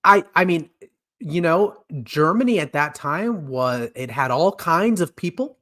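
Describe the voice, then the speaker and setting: Male podcast co-host, animated intonation, laughs easily, hesitant delivery. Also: fairly high pitch, a little slow. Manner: laughs a lot, hesitant with many ums. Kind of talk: casual movie ranking chat.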